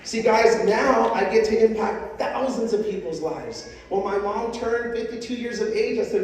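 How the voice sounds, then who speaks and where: A man's voice: sits high, normal speed, few pauses, darkish tone. A middle-aged man giving an emphatic motivational speech on stage to a large audience and getting the crowd to repeat lines after him. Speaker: motivational speaker. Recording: echoey hall, distant mic, crowd.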